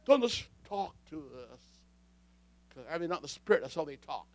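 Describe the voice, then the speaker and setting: A man preaching a fiery sermon, dropping to quiet asides and rising to shouts. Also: on the high side, lively intonation, normal speed.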